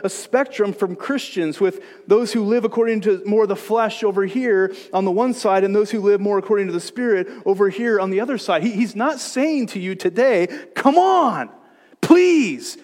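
Man, pastor, high voice, sermon, hushed to emphatic, long hall reverb. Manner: swings between hushed, gentle reassurance and loud, emphatic preaching. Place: church sanctuary.

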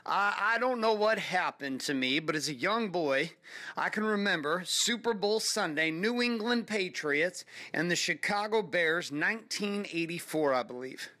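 A man's voice: sits high, expressive, measured pace, bright, forceful tone. A man in his forties from California, telling a motivational story on his podcast with emphatic, building intensity. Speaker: podcast host.

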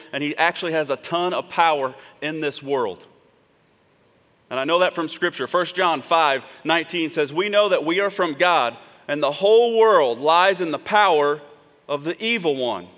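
Long hall reverb fills the recording as a man preaches in a church sanctuary, his voice a bit bright and on the high side. Acting as pastor, he keeps the sermon conversational, frequently checking in with the congregation through asides.

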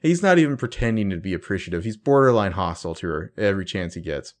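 A man's voice: sits low, lively intonation, quick pace. A man co-hosting a podcast, dryly recapping TV scenes in casual chat and reading out the characters' lines. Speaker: podcast co-host.

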